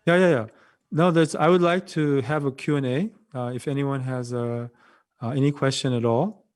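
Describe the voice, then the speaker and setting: A man with a Korean accent, a Buddhist monk giving a dharma talk over a video call, gentle and halting, often repeating his phrases. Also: medium pitch, steady tone.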